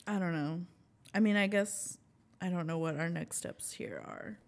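A woman's voice: on the low side, animated, vocal fry. Young woman reacting in casual chat. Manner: quick reactions, laughs often. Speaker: podcast co-host.

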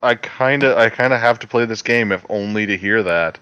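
A man chatting casually on a podcast, tossing in quick reactions and jokey asides. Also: on the low side, fairly bright tone, smooth, dry recording. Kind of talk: casual chat.

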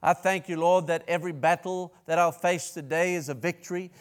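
A man with a slightly high voice delivers a sermon. He talks in a loose, rambling way, restarting his sentences and breaking into bursts of praise. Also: steady tone, brisk. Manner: rambling, self-interrupting with restarts and praise outbursts. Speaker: pastor.

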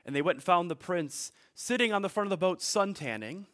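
Male pastor, sermon, conversational storyteller, animated delivery. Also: high voice, fairly quick. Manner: storytelling, conversational, with asides to the congregation.

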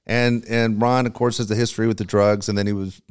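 Middle-aged male sports-talk host, very deep, low register, loose and profane storyteller. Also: flat delivery, fairly quick, smooth. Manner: rambling, emotional storytelling with profanity.

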